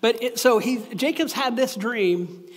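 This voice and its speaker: A man's voice: very high-pitched, unhurried. A man preaching a sermon as a pastor, casual and confessional, with many restarts and asides. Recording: echoey hall with long reverb.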